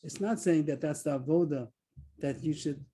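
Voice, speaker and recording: A man's voice: a little high, moderate pace, mellow, husky, low-quality recording. A man teaching a Talmud class over a video call, explaining a text step by step and stressing key words. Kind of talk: online Talmud lesson. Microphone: video call mic.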